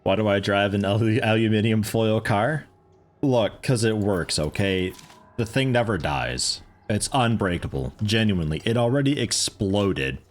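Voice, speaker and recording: This streamer has a lowish, expressive voice and keeps a moderate pace. He rambles casually about the game he's playing and keeps joking around with his chat.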